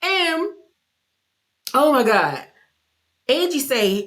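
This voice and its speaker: A woman giving a casual recap of a reality TV episode, loud and brash with slang and swearing, often laughing and jumping high in pitch for mock outrage. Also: slow pace, long pauses. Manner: animated, loud, with frequent laughter.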